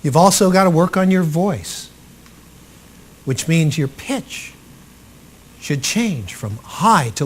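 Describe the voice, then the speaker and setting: A man coaching trainees on public speaking in a live workshop talk, animated and expressive, swinging between loud and soft for emphasis. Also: fairly high pitch, normal speed, slight background noise. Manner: animated and expressive, acts out quotes.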